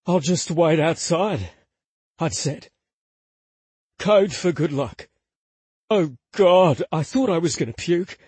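A man narrating a first-person audiobook in an intimate, confessional, unhurried way. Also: a little high, dark tone, slightly rough, no room sound.

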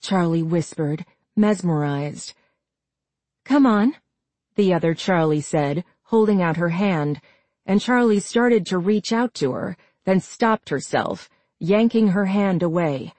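A woman narrating a horror novel as an audiobook, reading in a slow, measured way. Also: fairly low pitch, expressive, darkish tone, no echo. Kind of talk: scripted narration.

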